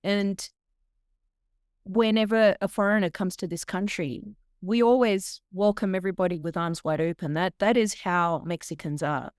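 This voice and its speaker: A woman's voice: medium pitch, normal speed, smooth, no room sound, studio quality. A middle-aged woman with an Australian accent, a podcast guest telling stories animatedly with laughs and frequent restarts. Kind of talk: podcast interview storytelling.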